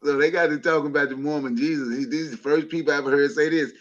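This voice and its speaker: Laughing storyteller, dull lo-fi line. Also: male voice, on the high side, steady tone, rapid-fire. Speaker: caller. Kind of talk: casual storytelling on a call-in stream.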